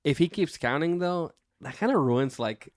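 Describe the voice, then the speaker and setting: A man's voice: fairly high pitch, lively intonation, moderate pace, no room sound, clean studio sound. A man co-hosting a casual wrestling podcast, laid-back, swearing freely and laughing often. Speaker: podcast co-host.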